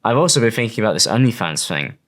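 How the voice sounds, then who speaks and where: A man's voice: lowish voice, sing-song, fast, a bit bright. A young man, mocking and swearing freely in casual online commentary. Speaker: commentary YouTuber.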